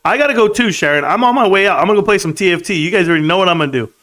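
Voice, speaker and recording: A man's voice: high-pitched, expressive, rapid-fire, fairly bright tone. A man hosting a casual livestream from a room at home, reading out chat in a laid-back, chummy way and laughing often.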